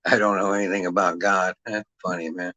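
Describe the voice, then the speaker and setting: A man's voice: deep voice, level tone, fairly quick, sharp tone, no echo, poor audio. A middle-aged man in a profane livestream rant, aggressive and mocking, swearing heavily and throwing out taunting rhetorical questions.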